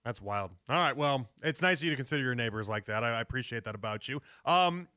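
A man hosting a sports radio show, chatting quickly with eager interjections. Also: medium pitch, lively intonation, pushed and bright, clean tone, dry recording, studio quality.

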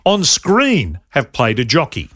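A man's voice: medium pitch, huge pitch swings, a little slow, fairly bright tone, no echo. Chatty Australian man hosting a podcast. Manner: chatty, laughs often, meandering asides. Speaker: podcast host. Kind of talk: casual chat.

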